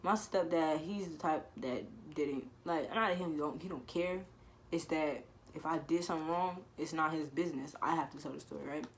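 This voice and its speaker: A teenage girl telling a casual storytime, animated, laughing and swearing as she acts out what people said. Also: low voice, moderate pace, recorded from a distance, slight background noise. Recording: echoey room with faint ambience.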